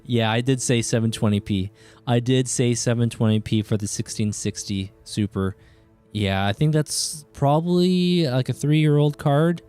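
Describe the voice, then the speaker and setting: A man streaming a game live, chatting casually with viewers and reacting with excited outbursts. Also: mid-range voice, measured pace, smooth, soft background music.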